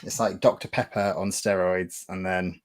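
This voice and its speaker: A man guests on a casual livestream chat, joking and poking fun at himself. His voice sits a little low, and he talks in an easygoing way. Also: flat delivery, moderate pace, slight background noise. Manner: jokey, self-deprecating.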